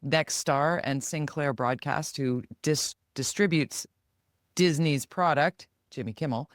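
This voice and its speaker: A middle-aged Canadian woman co-hosting a podcast, talking in a lively, animated way and acting out quoted voices. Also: low voice, slow pace, no echo, studio quality. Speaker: podcast co-host. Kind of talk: casual chat.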